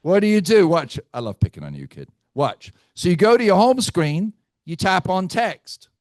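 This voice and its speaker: A man leading a live team training session, brash and teasing, quizzing his audience with rapid questions. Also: high-pitched, big pitch swings, no echo, clean studio sound. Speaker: real estate team trainer.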